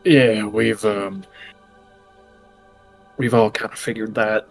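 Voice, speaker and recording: A man's voice: lowish voice, steady tone, slow, creaky, faint music behind. A man playing in a tabletop game, talking loosely and rambling. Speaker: player. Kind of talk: casual tabletop play.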